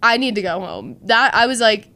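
A woman's voice: on the high side, normal speed, dry recording. A young woman hosting a podcast, telling a story in casual chat and acting out the quotes. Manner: animated storyteller, acts out quotes. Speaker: podcast host.

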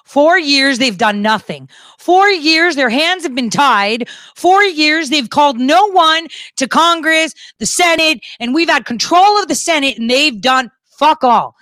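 A woman's voice: high-pitched, animated, a little slow, pushed and bright, no room sound, studio quality. A woman giving an emphatic, repetitive political monologue with crude asides.

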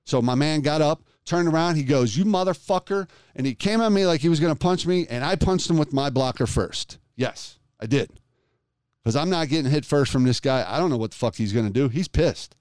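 A man's voice: medium pitch, smooth, no echo, clean studio sound. A man in his forties, swearing often while telling a story in a casual chat. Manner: profane, animated storytelling.

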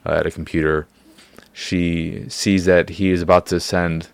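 Man, very low voice, casual podcast host, rambling, filler words, dry sound. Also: little pitch movement, measured pace, gravelly, no room sound. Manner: rambling, hedging, many fillers. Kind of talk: casual movie talk.

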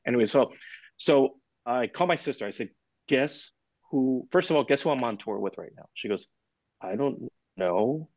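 A man's voice: medium pitch, no room sound. A man tells stories as a podcast guest, bringing them to life by acting out each conversation. His voice sits in a middle register, and the recording is dry and slightly muffled. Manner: animated anecdote-telling, acts out quoted dialogue. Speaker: guest percussionist. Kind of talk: storytelling in a podcast interview.

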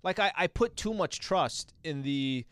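Radio co-host guy, smooth clear voice, dry mic, keeps asking the others stuff. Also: on the high side, lively intonation, unhurried, fairly bright tone, no echo. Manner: steers the talk with questions. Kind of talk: casual studio banter.

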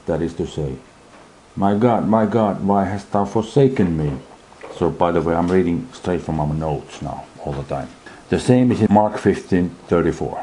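A man with a deep, mellow voice teaches a Bible study. He reads passages aloud from his notes and explains each one, with a faint hiss under the recording. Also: a little slow, rough recording.

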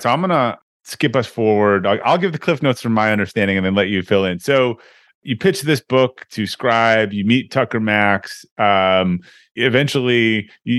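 A man's voice: on the low side, fairly bright tone, dry recording, studio quality. A man hosting an interview, easygoing and conversational, summing up the guest's story and prompting him to fill in the details. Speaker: podcast host.

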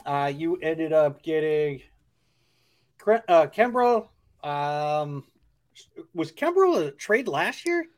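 A man's voice: on the high side, big pitch swings, slow pace, pauses often. Chatty man hosting a sports podcast. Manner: chatty, asks questions with many fillers and restarts. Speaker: podcast host. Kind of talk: casual sports podcast chat.

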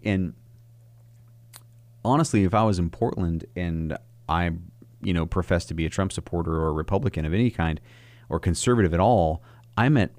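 A man's voice: sits low, darkish tone, dry recording. A man giving indignant opinion commentary over a video, ranting with frequent fillers.

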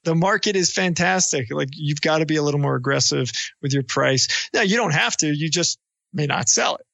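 Gravelly-voiced male podcast host. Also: fairly high pitch, a little fast, bright, forceful tone, dry recording, dull audio. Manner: rambling, restarts a lot. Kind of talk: casual podcast chat.

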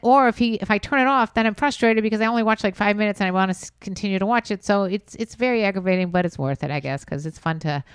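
A woman's voice: mid-range voice, fast talker, hardly any pauses, clear, resonant tone, no echo. A woman co-hosting a podcast in casual chat, with a mid-range voice. She talks frankly and eagerly. The recording is close and dry. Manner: frank, chatty, enthusiastic. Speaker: podcast co-host.

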